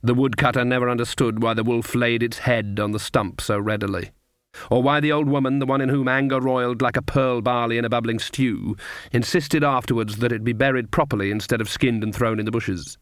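A man's voice: mid-range voice, steady tone, no echo. Man narrating, dry close sound. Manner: measured, deliberate storytelling. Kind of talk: scripted audiobook narration.

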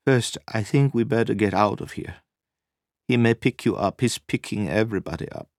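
A man voicing a nervous young woman in a spy story, husky and soft-spoken with a tremulous edge. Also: on the low side, normal speed, no room sound, studio quality, pitched above the performer's own voice, close to an everyday voice. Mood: tense.

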